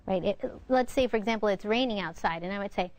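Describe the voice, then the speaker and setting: A middle-aged woman presenting a workshop, coaching clearly and modeling intonation examples for the audience. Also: medium pitch, fast. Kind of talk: interactive workshop lecture.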